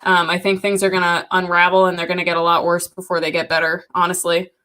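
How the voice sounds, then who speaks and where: A woman's voice: fairly low pitch, monotone, fast talker, sharp tone. Frank, matter-of-fact woman podcast guest. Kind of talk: casual chat.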